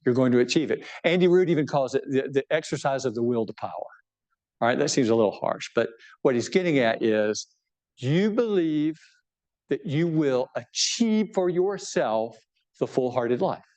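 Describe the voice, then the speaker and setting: A man's voice: medium pitch, animated, moderate pace, darkish tone. A man, a bishop, giving an informal book talk to a live audience, conversational and joking, often checking in with his listeners. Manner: self-deprecating humor.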